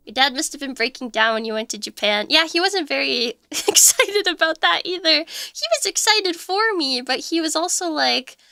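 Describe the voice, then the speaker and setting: A woman's voice: sits high, expressive, normal speed, creaky, few pauses, sharp tone, no room sound, studio quality, faint music behind. A young woman streamer chatting casually, telling stories with lots of laughs and fillers. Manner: chatty storyteller who laughs often and fills with "like". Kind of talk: casual livestream chat.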